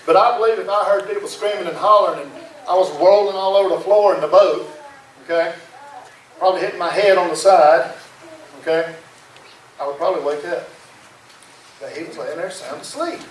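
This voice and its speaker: A man's voice: high voice, normal speed, pauses often, slight background noise. A male pastor preaching a sermon in a folksy, dramatic storytelling way. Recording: echoey room from far off.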